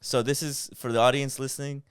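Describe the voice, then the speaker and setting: A young man co-hosting a podcast, telling a story in a casual, animated way and swearing a lot. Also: medium pitch, a little fast, clear, resonant tone, no echo, clean studio sound. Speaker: podcast co-host.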